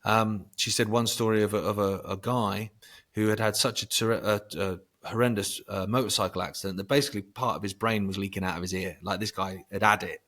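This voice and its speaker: A low-voiced man talking casually as a podcast guest. He swears freely and pushes some words out loud and high for emphasis. His voice sits lower than most men's. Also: fairly even intonation, a little fast. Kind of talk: casual conversation.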